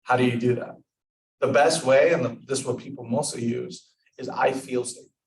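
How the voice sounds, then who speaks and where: A man's voice: medium pitch, fairly even intonation, a little fast. A young man leading a casual club discussion, rambling with lots of fillers and acting out example lines. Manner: rambling, filler-heavy, acts out example dialogue. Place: club meeting room. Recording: echoey room, mic far off.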